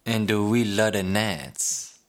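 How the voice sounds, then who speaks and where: A man's voice: fairly low pitch, slow pace. A man co-hosting a podcast in a playful, rambling casual chat. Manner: playful, rambling, with restarts and jokes. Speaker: podcast co-host.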